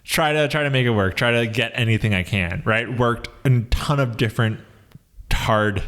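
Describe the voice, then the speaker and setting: A man's voice: mid-range voice, normal speed, a bit bright. A young man, a comedy writer, co-hosting a podcast and chatting in a rambling, reflective way with lots of fillers. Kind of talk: casual comedic chat.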